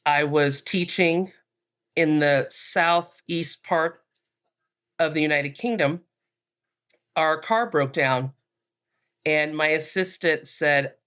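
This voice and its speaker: A woman, a minister and podcast guest, calmly telling a personal story with frequent fillers. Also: sits low, slow, pauses often. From United States.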